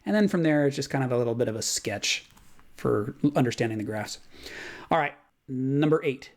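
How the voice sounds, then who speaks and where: A man teaching a recorded math lesson in a casual way, thinking aloud with fillers and quick self-corrections. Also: mid-range voice, animated.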